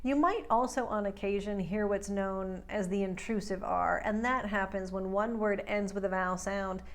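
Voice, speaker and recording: A woman speech coach teaching accent sounds, giving clear explanations and slowly modeling drill words. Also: mid-range voice. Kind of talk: accent lesson.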